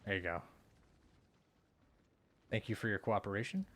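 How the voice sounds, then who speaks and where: A young man streaming a game who rambles through stories, laughs often, and mutters quietly to the game in between. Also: fairly low pitch, sing-song, moderate pace, a little hiss or hum. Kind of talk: casual live-stream chat.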